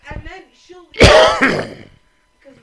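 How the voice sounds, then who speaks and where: A woman co-hosting a casual chat, profane and animated as she tells stories. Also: very high voice, extremely slow, creaky, a crowd in the background, poor audio.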